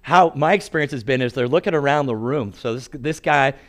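Older male pastor, animated storyteller with a joking sermon delivery. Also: mid-range voice, fairly quick, slight background noise. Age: 60s.

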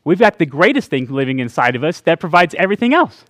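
A man's voice: on the high side, sing-song, quick pace, a bit bright, no room sound, studio quality. A middle-aged man giving a conversational sermon to a church congregation, chatty, with laughing asides and frequent "right?" checks with the listeners. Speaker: pastor.

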